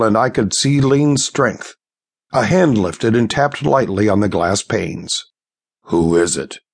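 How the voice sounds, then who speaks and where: Gravelly low-voiced male audiobook narrator. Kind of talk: scripted first-person audiobook narration.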